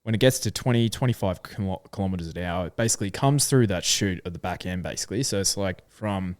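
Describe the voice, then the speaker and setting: A man's voice: low-pitched, fast talker, smooth, dry recording, clean studio sound. A man with an Australian accent co-hosting a casual horse racing podcast, thinking aloud with plenty of fillers. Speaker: podcast co-host.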